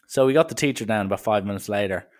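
A man's voice: on the low side, very fast. Brief: young Irish guy, casual rambling storyteller, self-deprecating.

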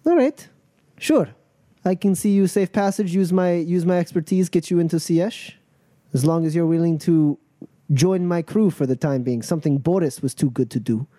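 A man's voice: on the high side, moderate pace, dark tone, no echo, clean studio sound, voice pushed up, natural voice. A man voicing a tough, impatient female outrider captain who gives curt commands in a tabletop role-play game. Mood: brusque.

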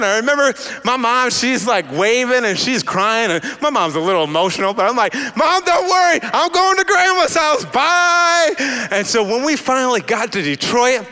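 A young man telling a stand-up story, animated and acting out the voices of the people in it. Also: smooth, big-room sound. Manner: animated, acts out voices, big pitch swings. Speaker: comedian.

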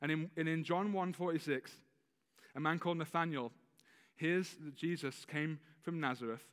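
A fairly high-voiced man preaching a sermon in a relaxed, conversational way, with a slight lisp. His voice rings with the long reverb of a church hall. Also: moderate pace, smooth. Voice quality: slight lisp on some words. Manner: conversational, with self-corrections and laughs. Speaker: pastor.

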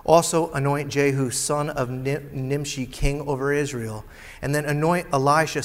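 A man preaching a sermon as a pastor, swinging dramatically between loud and hushed delivery. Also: on the high side. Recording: long hall reverb.

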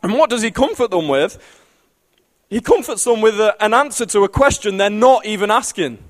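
A man preaching a sermon with passion, building to loud pleading climaxes. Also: high voice, animated, normal speed.

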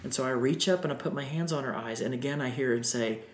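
A man, a singer guest on a podcast, telling an emotional story in an animated way. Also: medium pitch, fast, a little hiss or hum. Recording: roomy echo.

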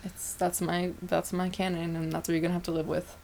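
A woman's voice: fairly low pitch, flat delivery, brisk, warm tone. Rambling young woman podcast host. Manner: rambling, enthusiastic, many fillers. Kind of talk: casual chat.

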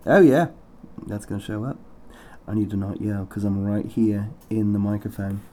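A man's voice: fairly low pitch, warm tone, a little hiss or hum. A young man from the States hosting a podcast in casual chat, swearing freely as he talks. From United States. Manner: chatty, swears freely, quick laughs. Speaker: podcast host.

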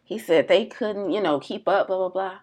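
A woman from the United States co-hosts a podcast, telling a story in casual chat and animatedly acting out the people in it with their voices. Her voice is mid-range at a moderate pace.

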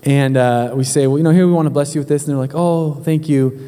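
Joking pastor preaching in a reverberant hall. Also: male voice, mid-range voice, fairly even intonation, very fast, mellow. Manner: chatty, joking, addresses congregation directly. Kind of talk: sermon with humorous story. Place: church hall.

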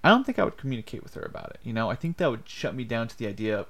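A man's voice: medium pitch, very animated, rapid-fire, a bit bright. A young man co-hosting a podcast, talking earnestly and rambling a little, acting out the lines he quotes. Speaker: podcast co-host. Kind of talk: casual chat.

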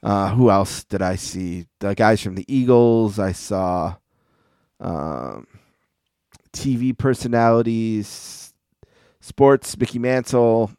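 A man's voice: fairly low pitch, lively intonation, takes it slowly, darkish tone, clean tone, no room sound, clean studio sound. A man co-hosting a podcast in casual chat, rambling and easygoing with plenty of fillers. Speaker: podcast co-host.

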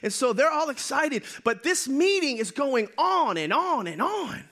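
A male pastor preaches with animated, humorous storytelling. His voice sits high and bright. It swings widely in pitch as he goes. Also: unhurried. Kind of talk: sermon.

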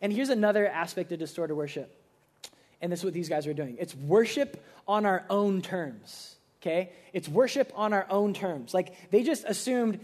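A young man preaching a casual sermon, animated and conversational, acting out playful quotes. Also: sits high, moderate pace. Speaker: pastor.

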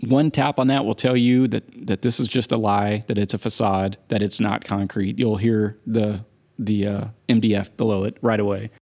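A man's voice: on the low side, fairly even intonation, moderate pace, a little mellow. A man co-hosting a podcast in casual chat, opinionated and wry, making his points with emphasis. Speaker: podcast co-host.

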